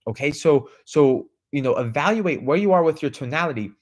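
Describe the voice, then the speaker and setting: A man's voice: a little high, expressive, a little fast. A man hosting a podcast, giving a motivational talk that keeps asking the listener questions, tagging lines with "right?" and "okay?" and repeating words as he restarts. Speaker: podcast host.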